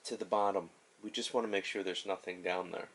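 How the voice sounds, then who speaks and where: Brief: male tabletop player, casual, lowish voice. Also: fairly even intonation, fairly quick, fairly bright tone.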